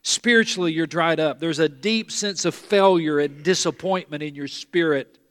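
A man preaching to his congregation, his voice a touch high for a man. He drives points home by repeating key words. His voice rings with the long reverb of a large church hall. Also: normal speed, a bit bright. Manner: earnest, repetitive emphatic preaching. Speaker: pastor. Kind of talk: sermon.

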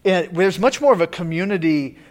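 A man preaching a relaxed, conversational sermon, chatty and full of fillers and restarts. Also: high voice, fairly quick. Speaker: pastor.

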